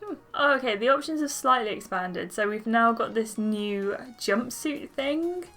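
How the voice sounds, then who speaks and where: A woman's voice: a little high, lively intonation, measured pace, fairly bright tone, soft background music. A woman hosting a gaming channel, reading a story game aloud and making chatty, playful asides.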